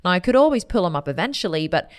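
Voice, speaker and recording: A woman hosting a podcast, telling a personal story in a candid, animated way, repeating phrases and swearing casually. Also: lowish voice, rapid-fire. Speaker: podcast host.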